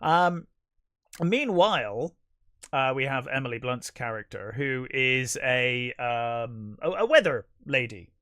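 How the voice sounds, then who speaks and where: A man's voice: medium pitch, lively intonation, takes it slowly, sharp tone, dry recording, clean studio sound. A man co-hosting a podcast, recapping a film plot in casual chat, rambling with many fillers and restarts. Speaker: podcast co-host.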